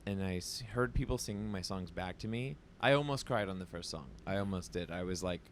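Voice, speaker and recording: A man's voice: deep voice, a little fast, a little hiss or hum. A man being interviewed backstage in a festival trailer, talking in a chatty, casual way with lots of "like" and frequent restarts.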